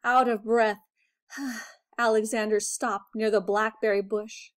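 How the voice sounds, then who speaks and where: A woman teacher reading a children's picture book aloud with expressive storytelling. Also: fairly high pitch, slow pace.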